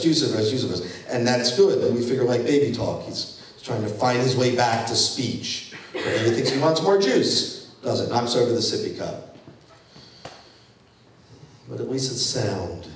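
A man in his fifties tells a family story to a live audience, his pitch swinging up and down as he drops wry asides. His voice sits a little high for a man. It rings through a very echoey hall, picked up from some distance away. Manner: animated, wry storyteller with dry jokes. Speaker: keynote speaker. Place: event hall.

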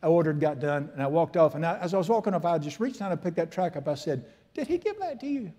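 A man's voice: on the high side, fast talker, warm tone. Folksy preacher in his sixties. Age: 60s. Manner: folksy, storytelling, emphatic preaching with humor. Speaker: pastor. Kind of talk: sermon.

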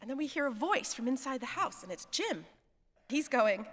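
Animated woman preacher in an echoing church. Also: high voice, moderate pace. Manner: animated, acts out dialogue, laughs often. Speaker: hospice chaplain, guest preacher. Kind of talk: storytelling sermon. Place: church sanctuary. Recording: long church reverb.

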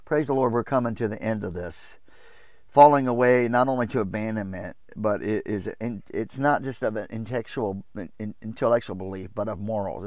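A man's voice: a little mellow, no room sound. Man, informal preacher, impassioned, mocking asides, dry sound. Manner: impassioned, jumps into mocking high voices to quote others. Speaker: Bible study preacher.

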